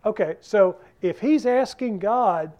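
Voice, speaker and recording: A man leads a Bible study, his voice pitched high but dark and mellow in tone. He talks in a loose, conversational way and keeps putting questions to his listeners. The setting is a church class room. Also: lively intonation, takes it slowly. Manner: keeps asking the group questions.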